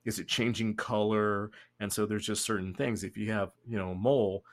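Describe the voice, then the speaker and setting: A young man hosting a casual podcast chat, rambling and joking with quick asides. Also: lowish voice, steady tone. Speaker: podcast host.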